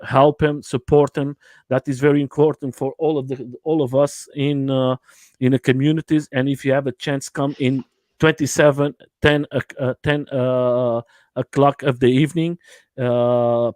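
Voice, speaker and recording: A man hosting a livestream from his home, speaking halting non-native English with many fillers and restarts in a casual interview chat. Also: mid-range voice, a little mellow, no room sound. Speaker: livestream host.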